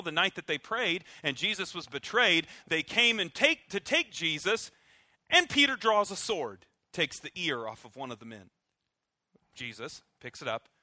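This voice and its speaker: A man preaching a sermon. He is emphatic and animated, uses dry humor, and swings from loud stresses to soft, low endings. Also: no echo. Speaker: pastor.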